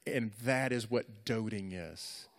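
In an echoey hall, a middle-aged youth pastor delivers a sermon to young people in a low, creaky voice, taking his time. His preaching is earnest, repetitive and conversational.

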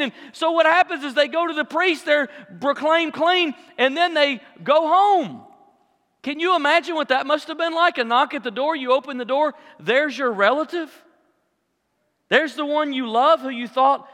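A man preaching a sermon, with a dramatic delivery that swings between loud acted-out cries and hushed asides. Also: very high voice, moderate pace. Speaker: pastor. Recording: long hall reverb.

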